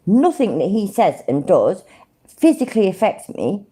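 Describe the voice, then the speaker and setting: A woman's voice: mid-range voice, big pitch swings, normal speed, warm tone, husky. A British woman hosting a livestream, reacting to clips with sarcastic, sweary ranting. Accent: British English. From Britain. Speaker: livestream host. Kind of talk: live commentary reacting to clips.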